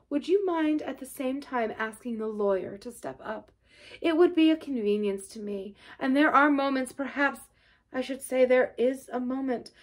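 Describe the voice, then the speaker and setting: A sly, self-pitying toad of a gentleman, sighing out his words as if barely able to speak, put on by a woman reading a storybook aloud. His voice sits somewhat high and trails off into faint murmurs. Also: close to an everyday voice. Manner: faint, drooping, sighing delivery.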